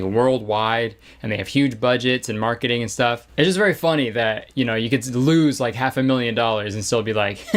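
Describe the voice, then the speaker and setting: A man giving casual comedic commentary on a movie, sarcastic and joking, often laughing. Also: medium pitch.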